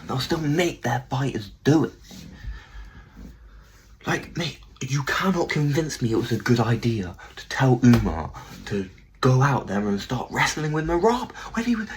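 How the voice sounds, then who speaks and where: A man rants excitedly about fighters in a casual commentary. His voice sits at a mid pitch, and he swears often and keeps repeating his points. A faint hiss sits under the recording. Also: rough recording. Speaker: MMA commentary channel host.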